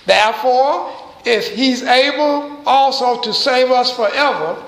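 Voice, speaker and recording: A man preaching a sermon as pastor, pausing to quiz his congregation with call-and-response questions. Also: extremely high pitch, fairly bright tone, roomy sound, low-quality recording. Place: church.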